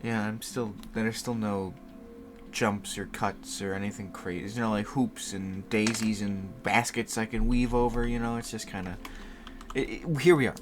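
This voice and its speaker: Over background music, a young podcast host in his 20s talks at a normal speed with a lowish, fairly even voice. It's a casual solo chat full of rambling, laughter, and offhand swearing, recorded at home on a desk mic set higher and farther from his computer.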